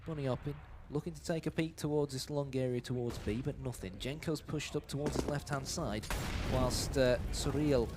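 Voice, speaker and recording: A man giving live esports play-by-play commentary, building to shouts on big plays. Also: medium pitch, moderate pace, hardly any pauses, very noisy.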